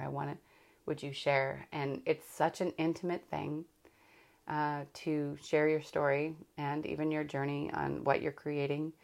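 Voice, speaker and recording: Podcast host, woman, low gravelly voice, rambling and candid, loose casual chat. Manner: rambling, self-correcting, candid.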